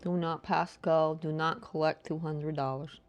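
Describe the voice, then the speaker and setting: A woman streaming a game live, chatting casually and playfully with her viewers and greeting them in a high sing-song voice. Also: little pitch movement, a little slow. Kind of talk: casual live-stream chat while gaming.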